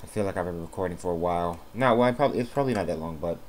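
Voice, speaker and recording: Racing along in a low, slightly mellow voice, a let's play commentator casually narrates his gameplay into a desk mic. He mocks and swears at the game characters, and the noisy home recording picks up keyboard clicks.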